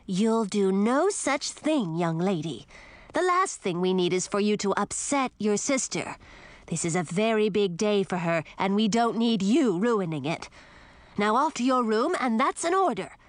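Woman playing a bossy queen mom, slow clipped orders, dry close audio. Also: medium pitch, lively intonation, dry recording, lightly acted. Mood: stern. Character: stern middle-aged queen, commanding mother.

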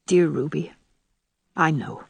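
Female narrator doing a gentle young woman, quiet and low, breathy and dry, audiobook. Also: animated, normal speed, no echo.

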